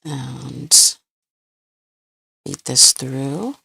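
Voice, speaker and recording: With a bass voice that's extremely slow, full of vocal fry, and pushed and bright, a woman hosts a live craft tutorial amid slight background noise. She chats with viewers as she works, rambling, searching for words, and laughing a lot.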